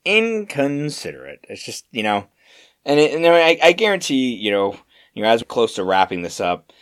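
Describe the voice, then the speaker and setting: A young man co-hosting a podcast, telling work stories in a rambling, animated way with lots of fillers and restarts. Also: lowish voice, a little fast. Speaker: podcast co-host. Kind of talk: casual storytelling chat.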